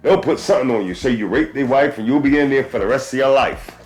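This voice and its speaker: A man from the East Coast hosts a casual podcast chat, his mid-pitched voice telling a story with stops and restarts. Faint music sits underneath. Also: quick pace. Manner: animated storyteller, stammers and restarts. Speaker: podcast host.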